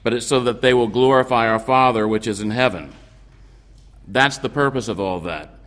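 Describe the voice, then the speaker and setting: A man delivering a sermon as a priest, explaining scripture in a measured way with occasional restarts. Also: mid-range voice, fairly bright tone, big-room sound. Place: church.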